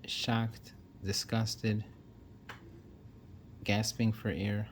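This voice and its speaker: A man with a somewhat low voice talks earnestly and casually. He lists his points one by one and often restarts his sentences. A faint low rumble sits under the recording. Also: level tone, extremely slow. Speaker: self-help speaker. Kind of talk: casual explanatory monologue.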